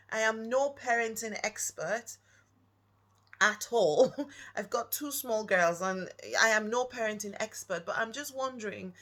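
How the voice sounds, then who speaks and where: A woman's voice: on the high side, a bit bright. A woman from Nigeria, giving an earnest, reflective personal talk and putting questions straight to the listener. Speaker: speaker.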